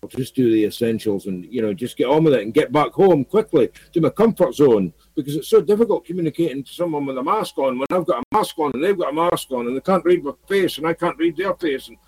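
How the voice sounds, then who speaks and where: A man's voice: a little high, expressive, fast, few pauses, a little mellow, slightly rough, low-quality recording. A man from Scotland talking to his viewers in a rambling, repetitive monologue full of fillers. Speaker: video blogger. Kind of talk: casual monologue to camera.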